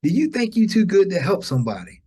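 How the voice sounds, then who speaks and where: A man's voice: high-pitched, big pitch swings, fast, warm tone, breathy edge, pitched above the performer's own voice, heavily acted. A man voicing a bold woman panhandler who calls out to a passerby on a city street, teasing and challenging him.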